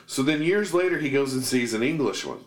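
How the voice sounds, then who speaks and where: A man co-hosting a podcast, telling an anecdote in a casual, animated way. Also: medium pitch, brisk. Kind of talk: casual chat, storytelling. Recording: roomy echo.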